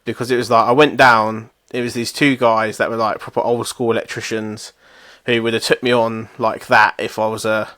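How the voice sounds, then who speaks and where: A man's voice: lowish voice, level tone, moderate pace, sharp tone, dry recording. Young male co-host, sweary self-mocking storyteller, close dry mic. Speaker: podcast co-host. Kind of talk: casual chat.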